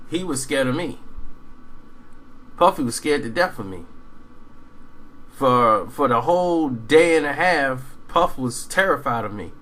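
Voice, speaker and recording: A man telling a rambling, animated story in casual monologue, acting out quoted dialogue. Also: medium pitch, slight background noise, low-quality recording.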